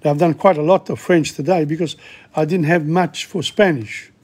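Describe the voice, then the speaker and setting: A man teaching a casual vocabulary lesson, slowly repeating words aloud with hesitant fillers. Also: a little high, fairly even intonation, darkish tone, slightly rough. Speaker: language teacher.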